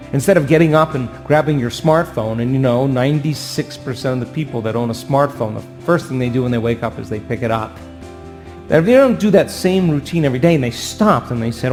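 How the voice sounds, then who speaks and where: A man giving an animated motivational talk to an audience, acting out voices and asking for agreement. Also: mid-range voice. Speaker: speaker.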